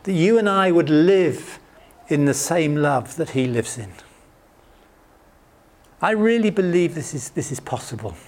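An earnest middle-aged man delivers a sermon in a slightly high voice. He lifts his voice to act out quoted prayers, then sinks into soft, near-whispered lines. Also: expressive, unhurried, pauses often. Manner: earnest, rises high acting out quotes, drops soft and hushed. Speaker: preacher.

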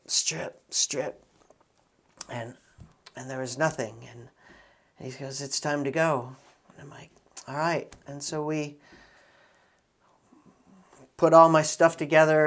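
A middle-aged man preaching in a relaxed storytelling way, with frequent restarts and quiet, intimate asides. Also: a little high. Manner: conversational, many restarts, soft intimate asides. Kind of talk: sermon storytelling.

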